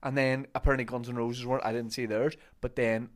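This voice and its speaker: A man's voice: medium pitch, little pitch movement, quick pace. A man co-hosting a podcast, chatty and steering the topics in casual comedic chat. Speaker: podcast co-host.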